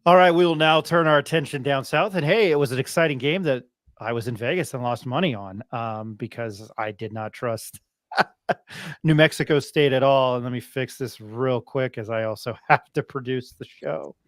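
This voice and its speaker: Recorded with studio quality and no room sound, a sports talk show host chats casually in a mid-range voice at normal speed. His humor is self-deprecating, and he laughs between lines.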